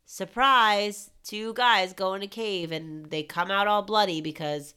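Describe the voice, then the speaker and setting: A woman co-hosting a casual comic book podcast, giving animated, incredulous reactions and her own takes. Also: mid-range voice, measured pace, clean tone. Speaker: podcast co-host.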